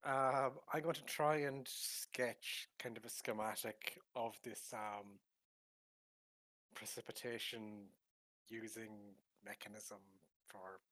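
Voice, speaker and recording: A man's voice: lowish voice, steady tone, slow pace, fairly bright tone, dry recording. A man playing a tabletop game, speaking briefly and matter-of-factly. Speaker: player. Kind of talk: casual tabletop role-play.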